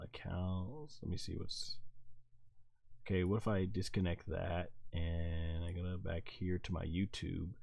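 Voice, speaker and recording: A man with a lowish voice hosts a live stream, talking in a halting, rambling way as he works through viewers' chat messages. The sound is close and dry, with no room echo. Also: vocal fry, mellow. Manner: halting and rambling, thinking aloud; reads viewers' chat messages aloud and answers them. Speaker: wrestling show reviewer and live streamer.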